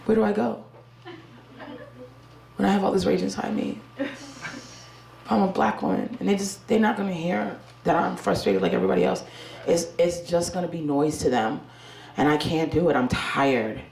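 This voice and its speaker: A woman comedian doing a stand-up set, telling a story loudly and profanely with big swings in her voice. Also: fairly low pitch, normal speed, gravelly, long pauses. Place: comedy club stage before a laughing audience. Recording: echoey live venue with loud crowd noise.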